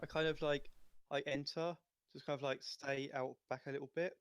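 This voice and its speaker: A man's voice: a little high, fairly even intonation, fairly quick, clean tone, dry recording. A man playing a tabletop game, hesitant with many fillers. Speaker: player.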